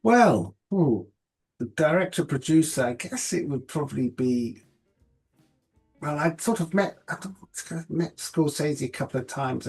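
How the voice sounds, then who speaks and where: London-accented man, husky voice, halting guest on a video call. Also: mid-range voice, darkish tone. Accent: London English. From London, England. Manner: hesitant, many fillers and restarts. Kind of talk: casual interview chat.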